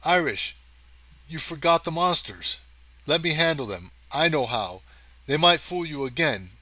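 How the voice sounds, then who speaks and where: A man's voice: fairly high pitch, lively intonation, measured pace, sharp tone, dry recording, voice pushed up, heavily acted. A man voicing a determined male cameraman stranded in space, talking in an urgent, pressing way.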